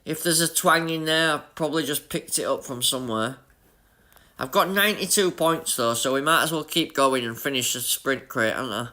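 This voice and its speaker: Excitable Yorkshire man streaming races. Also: mid-range voice, moderate pace. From Leeds, Yorkshire, England. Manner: excitable, chatty, talks to chat. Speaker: gaming streamer. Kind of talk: live gameplay commentary.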